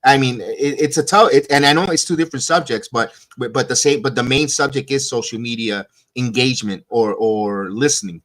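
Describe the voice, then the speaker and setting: A hoarse man co-hosting a casual podcast, rambling and restarting his sentences often. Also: medium pitch, fairly quick, hardly any pauses, fairly bright tone. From USA. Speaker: co-host. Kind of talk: casual wrestling podcast chat.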